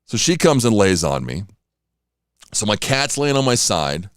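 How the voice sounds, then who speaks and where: A man's voice: lowish voice, sing-song, measured pace, clear, resonant tone, dry recording, clean studio sound. Tired rambling male radio host. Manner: rambling, self-deprecating, acts out quoted pleas. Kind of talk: casual morning radio chat. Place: radio studio.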